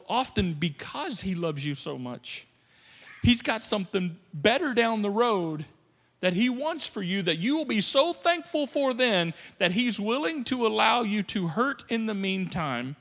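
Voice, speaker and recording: A male pastor preaching a sermon in an animated, joking way, swinging between quiet and loud. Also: high voice. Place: church sanctuary. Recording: reverberant church sanctuary.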